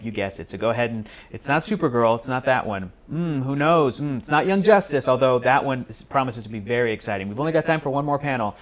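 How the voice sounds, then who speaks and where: Male stream host, mid-pitched, chatty and jokey, casual reaction energy. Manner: excitable, chatty, joking. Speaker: livestream host.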